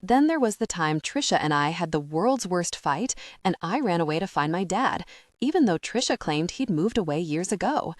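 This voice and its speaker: A woman reading a first-person audiobook narration in a measured, intimate storytelling manner. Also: lowish voice, animated, dry recording, studio quality.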